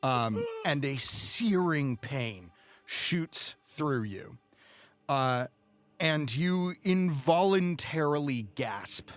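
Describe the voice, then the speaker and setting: Brief: man running a tabletop game, slightly high voice, loose and hesitant delivery. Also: drawn-out words. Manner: relaxed, hesitant with many fillers. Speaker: game master.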